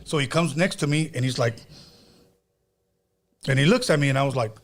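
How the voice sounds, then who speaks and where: A man's voice: medium pitch, fairly quick. A man hosting a podcast, telling stories in a casual chat, swearing freely and acting out what people said. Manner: animated, swears freely, acts out quotes. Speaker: podcast host.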